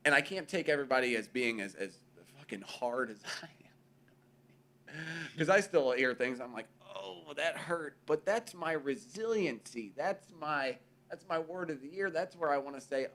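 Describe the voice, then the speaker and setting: Male co-host, casual and profane storyteller, middle pitch. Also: fairly bright tone. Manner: profane, storytelling, acts out quoted voices. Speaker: podcast co-host. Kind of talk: casual chat.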